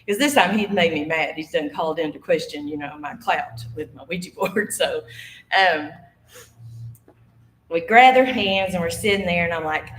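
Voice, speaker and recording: A woman in her 50s, with a lowish voice at normal speed, tells a ghost story live on a studio stage before an audience. The room is echoey, and she laughs often while acting out the characters' voices.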